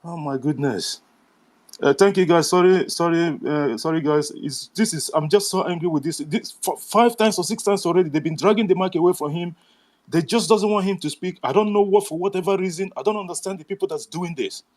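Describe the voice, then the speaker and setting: A man with a slightly raised pitch hosts a live online audio room. He speaks with indignation, repeating himself and pleading. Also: a little fast, a little mellow.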